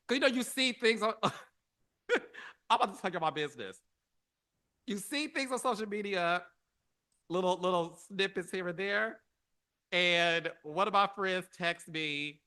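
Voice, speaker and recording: A middle-aged man hosting a podcast, giving casual, emotional commentary with dramatic pitch swings. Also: lively intonation, a little slow, pauses often, bright, forceful tone. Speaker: podcast host.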